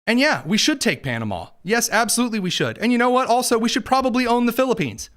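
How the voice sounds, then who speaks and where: A man's voice: very high-pitched, very animated, quick pace, fairly bright tone. A man hosting a political commentary show, delivering a combative, sarcastic opinion monologue with mocking asides.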